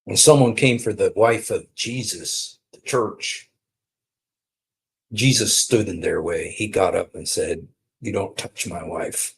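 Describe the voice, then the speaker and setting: Male preacher, gravelly and breathy, polemical and sarcastic, loud bursts then quiet asides. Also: fairly low pitch, slow pace. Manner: emphatic and mocking, swings between loud and quiet. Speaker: preacher on a streamed show. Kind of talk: polemical religious talk.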